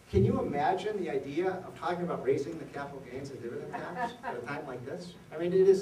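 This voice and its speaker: Animated male economist in an echoey hall. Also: on the high side, recorded from a distance, a little hiss or hum. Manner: animated storyteller, rhetorical questions to the audience. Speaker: economist giving a dinner speech. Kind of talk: after-dinner policy speech with jokes. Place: event hall at a reception.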